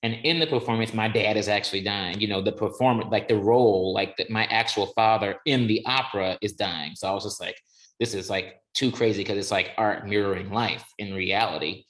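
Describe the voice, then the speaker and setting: Man telling his story in a low, earnest voice. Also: fairly bright tone. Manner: earnest and emphatic, builds slow deliberate declarations; thinks aloud with restarts. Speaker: interview guest, countertenor singer. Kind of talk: reflective personal storytelling.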